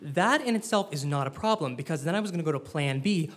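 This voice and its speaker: A young man telling a personal story live to an audience, wry and self-deprecating, with animated delivery. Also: fairly high pitch, fast, hardly any pauses.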